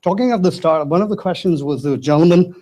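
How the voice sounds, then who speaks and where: Earnest man with a mellow voice. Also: high-pitched, quick pace. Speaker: guest speaking from the audience. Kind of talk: classroom comment.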